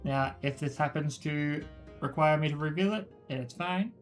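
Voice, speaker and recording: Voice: medium pitch, normal speed. A streamer giving casual, chatty commentary over a game, laughing, swearing and reading game text aloud. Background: game music.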